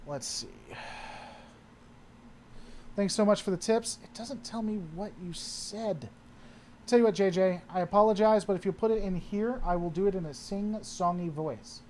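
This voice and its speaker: A man's voice: high voice, moderate pace, a little mellow, a little hiss or hum. A man hosting a casual livestream, answering chat and often trailing off and restarting his sentences.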